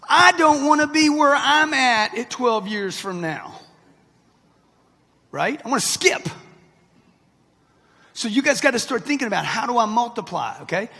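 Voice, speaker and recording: A man in his sixties delivers a live motivational talk with a brash, punchy manner and talks straight at the crowd. His voice sits high for a man and has a husky edge. The sound carries the long reverb of a large event hall. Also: bright, forceful tone. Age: 60s. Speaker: motivational speaker.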